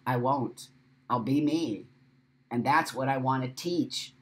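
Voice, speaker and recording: A man's voice: medium pitch, unhurried. A man hosting a casual livestream, talking passionately and bluntly, swearing freely and emotional after crying. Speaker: live show host.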